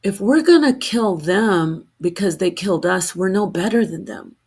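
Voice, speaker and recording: A woman's voice: medium pitch, normal speed, darkish tone, breathy edge. A woman streamer talking straight to camera in an unscripted rant, heated and defensive, rambling and restarting her sentences.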